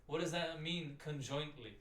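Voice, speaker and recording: A man with a slightly high voice and fairly bright tone speaks at normal speed, exasperated and profane as he reacts to a video. His ranting commentary rambles, recorded in a roomy space far from the mic.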